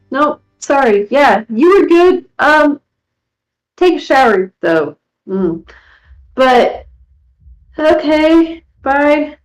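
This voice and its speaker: Lady player joking in character, high bouncy voice, pretty slow and loud. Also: animated, reverberant, faint music behind, rough recording. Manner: loud, playful, teasing. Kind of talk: in-character banter.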